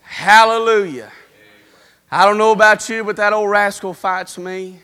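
High, bright-voiced fervent preacher. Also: male voice, steady tone, measured pace, smooth. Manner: fervent, rising to shouts then dropping to a murmur. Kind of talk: revival sermon.

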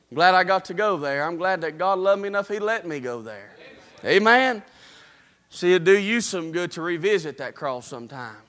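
Male preacher, very high and bright, revival fire with shouts and hushes. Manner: fervent, rising to shouts then dropping to a murmur. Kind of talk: revival sermon.

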